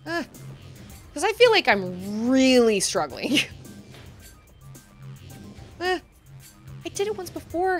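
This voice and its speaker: A woman's voice: high voice, very animated, slow pace, long pauses, faint music behind. A woman livestreaming a video game, chatting casually and rambling, laughing often. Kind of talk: casual chat while gaming.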